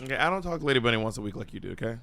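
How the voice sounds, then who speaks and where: A man's voice: mid-range voice, expressive, very fast, gravelly, bright, forceful tone. A man co-hosting a podcast, chatting in a campy, teasing way. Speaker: podcast co-host. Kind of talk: casual chat.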